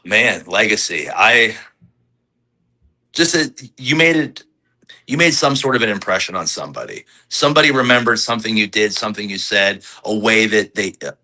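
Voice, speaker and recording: A man's voice: on the low side, moderate pace, poor audio. A man in his forties, a pro wrestler, talking candidly in a podcast interview, rambling with lots of fillers and restarts. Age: 40s. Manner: animated when quoting fans.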